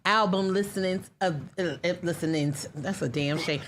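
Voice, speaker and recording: A woman's voice: on the low side, normal speed, fairly bright tone, slight background noise. A woman hosting a casual interview podcast, talking loosely with a slight lisp, laughing and stumbling over her words now and then. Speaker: podcast host.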